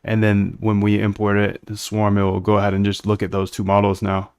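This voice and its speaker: A man's voice: fairly low pitch, completely flat delivery, a little fast, a little mellow, slight background noise. A man hosting a casual livestream, coding aloud and bluntly reacting to chat. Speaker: livestream host.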